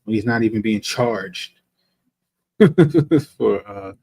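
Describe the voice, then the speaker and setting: A man with a fairly low voice chats casually on a livestream, cracking jokes and chuckling as he goes. The sound is close and dry. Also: fairly even intonation, slow pace, gravelly, darkish tone, dry recording, poor audio.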